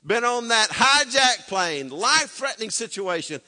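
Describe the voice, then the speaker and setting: A middle-aged man preaching a sermon, swinging from loud, urgent exhortation to hushed, intimate storytelling. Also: sits high, sing-song, normal speed, in a large hall. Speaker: pastor.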